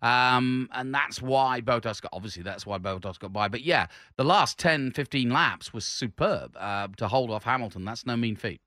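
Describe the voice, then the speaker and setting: A man co-hosting a casual motorsport podcast who talks in halting stops and starts and explains the rules at length. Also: medium pitch, bright, forceful tone, dry recording, studio quality. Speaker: podcast co-host.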